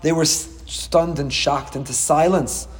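A middle-aged man teaching a Torah class as a rabbi, dramatic and animated, with quick humorous asides. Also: fairly high pitch, in a large hall.

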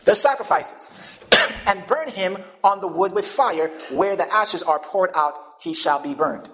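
Emphatic preacher asking the congregation questions. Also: male voice, sits high, unhurried, bright, forceful tone. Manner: call-and-response questions to the congregation. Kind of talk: sermon.

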